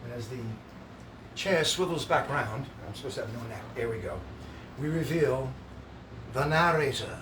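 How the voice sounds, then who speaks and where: A man hosting a live show, reading a stage script aloud with relaxed, offhand asides. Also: mid-range voice, moderate pace, long pauses, noisy background. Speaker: host reading a musical's script. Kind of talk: casual script read-aloud. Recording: echoey room, distant mic, guitar.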